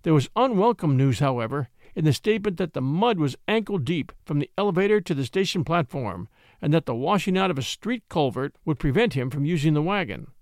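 A man narrating an old-fashioned story in a measured, expressive way. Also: a little high, dry recording, clean studio sound.

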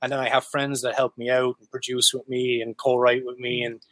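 A man's voice: mid-range voice, little pitch movement, brisk, fairly bright tone, no echo. A man from Ireland, a guest musician in a casual interview, talking loosely with lots of swearing and filler words. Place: his home music room.

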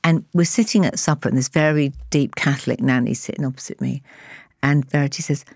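A woman in her sixties, a podcast guest, telling candid stories in a lively way and acting out the voices in them. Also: rumbling low, fairly quick, gravelly, no echo, studio quality. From England. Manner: animated, acts out voices in her anecdotes, laughs often. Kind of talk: candid conversational storytelling.

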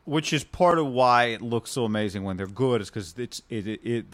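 Podcast co-host: man with a lowish voice, relaxed, stumbles and corrects himself as he goes. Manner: halting, self-correcting, easygoing. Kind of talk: casual sports chat.

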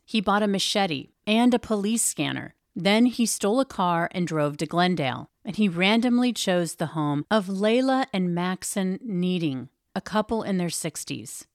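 A woman narrating a true-crime story in a steady, grave storytelling manner. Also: mid-range voice, no room sound, clean studio sound. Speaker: podcast narrator.

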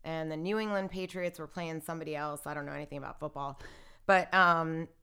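This woman speaks low and brisk, her tone clear and resonant. As an interview guest she's casually recounting something personal, playing the parts of other people and leaning heavily on "like" and "I'm like."

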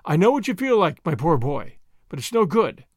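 A man reading an audiobook, voicing a grave, kindly older official who speaks in a measured way. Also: on the high side, very animated, no room sound, studio quality. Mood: sympathetic.

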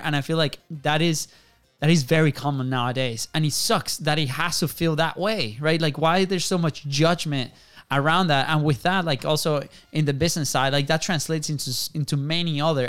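A man in his thirties hosts a relaxed talk show, speaking with a smooth, resonant tone. His voice sits a little higher than most men's. He rambles through his story, restarting phrases and checking in with "right?". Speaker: podcast host. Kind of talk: casual chat.

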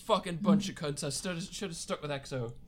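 A young man co-hosting a podcast, brash and quick to swear in casual banter. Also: a little high, a loud crowd. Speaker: podcast co-host.

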